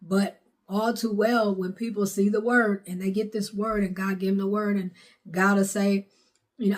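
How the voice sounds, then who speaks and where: A woman's voice: mid-range voice, little pitch movement, moderate pace. A middle-aged woman, preaching a sermon in a fervent, repetitive way. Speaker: prophetess preaching.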